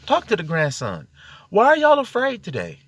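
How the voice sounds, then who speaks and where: A man's voice: high-pitched, wildly swooping pitch, moderate pace, fairly bright tone, no echo. Fired-up man preaching in a car. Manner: exhorting, fired-up, peppered with rhetorical questions to the audience. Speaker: self-styled preacher. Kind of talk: impassioned spiritual monologue. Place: inside a car.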